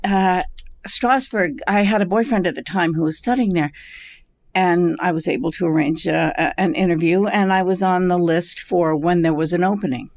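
Gravelly older woman telling stories. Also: fairly low pitch, moderate pace, no echo. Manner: animated, laughing storyteller. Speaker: actress guest. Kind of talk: casual storytelling interview.

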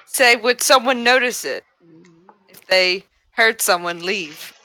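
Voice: medium pitch, expressive, slow, sharp tone. A tabletop game player chatting casually, rambling and correcting themselves mid-sentence.

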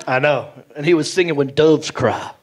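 A middle-aged man with a Southern US accent telling animated stand-up stories on stage, acting out the voices he quotes. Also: on the high side, normal speed, some chatter behind. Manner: animated, acts out voices, drawling. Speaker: stand-up comedian. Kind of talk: stand-up storytelling. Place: comedy stage. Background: audience laughter.

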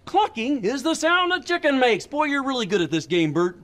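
A man's voice: extremely high pitch, expressive, fairly quick, a bit bright. A man voicing a cheerful, mischievous male puppet who teases his roommate in a chipper, sing-song way. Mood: teasing. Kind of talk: children's TV puppet comedy.

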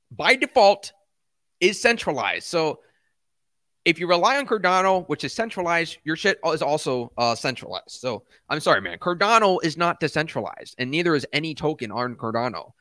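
A man's voice: on the high side, sing-song, normal speed, sharp tone, dry recording, studio quality. A young man hosting a casual crypto livestream, chatting with viewers as man and dude, swearing and flaring into rants. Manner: swears, flares into ranting outbursts; laid-back, calls viewers man and dude.

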